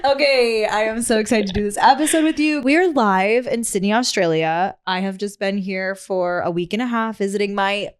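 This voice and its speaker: Woman, podcast host, bubbly, laughing a lot, casual chat, mid pitch. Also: moderate pace, few pauses, clean tone. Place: visiting Australia.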